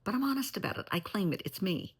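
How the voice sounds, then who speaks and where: Gravelly-voiced older woman, blunt and opinionated. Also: mid-range voice, very animated, quick pace. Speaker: therapist. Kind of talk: casual vlog monologue. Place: lakeside home, indoors, early morning.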